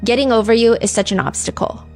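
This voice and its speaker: A woman's voice: a little high, fast, a little mellow, faint music behind. A woman hosting a true crime show in a casual, chatty way, reading song lyrics and comments aloud with many "like" fillers.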